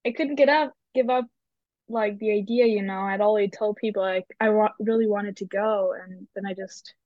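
A woman's voice: medium pitch, steady tone, moderate pace, dry recording. A young woman from Denmark, chatting on a podcast as guest co-host, giggly and hesitant with lots of "like". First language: Danish. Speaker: exchange student guest co-host. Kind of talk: casual podcast chat. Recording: dull lo-fi audio.

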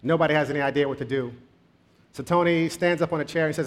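A male preacher tells a story in his sermon, in a conversational tone. His voice is a bit high for a man. He speeds up and slows down to shape the story. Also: fairly even intonation. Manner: conversational, with shifting pace.

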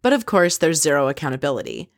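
A woman's voice: low voice, very animated, fast, dry recording, clean studio sound. A woman casually recapping a reality show episode, opinionated and candid, swearing freely as she quotes what others said.

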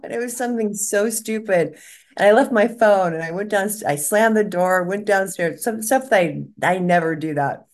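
A woman's voice: fairly low pitch, moderate pace. A woman, a medium co-hosting a podcast, talking in a rambling, emotional way and laughing often. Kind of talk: casual podcast conversation.

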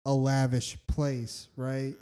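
A man's voice: mid-range voice, monotone, slow pace, mellow, clear, resonant tone. A man co-hosting a podcast who pushes back skeptically in casual banter, often saying "like.". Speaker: podcast co-host. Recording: music playing behind.

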